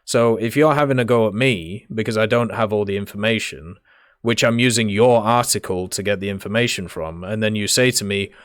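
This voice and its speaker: A man's voice: on the low side, fairly even intonation, a little fast, smooth, dry recording, studio quality. A man answering viewer questions in a casual, rambling monologue with many fillers and restarts.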